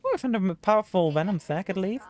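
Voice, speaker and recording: A woman's voice: medium pitch, lively intonation, fast talker, darkish tone. A woman streaming live gameplay, talking to the game's characters in exasperation and swearing freely. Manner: exasperated, talks to the game characters.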